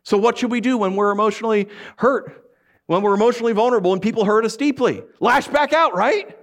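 A man preaching a sermon, telling stories in an animated way, acting out voices and laughing often. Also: sits high, fast talker. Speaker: pastor.

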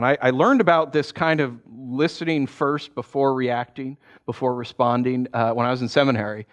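A man's voice: medium pitch, brisk. A male pastor preaching a storytelling sermon, acting out dialogue and asking the audience "right?" as he goes. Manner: animated, acts out dialogue in his stories; conversational, asks the audience "right?".

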